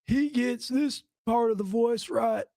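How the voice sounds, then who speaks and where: A high-pitched man with a gravelly edge hosts a loose political stream, cracking jokes and wandering between topics. His voice is slightly hoarse, and the sound is close and dry with no room around it. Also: slow, dark tone, no room sound. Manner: joking, rambling, does comic impressions. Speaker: stream host. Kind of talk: casual political commentary stream.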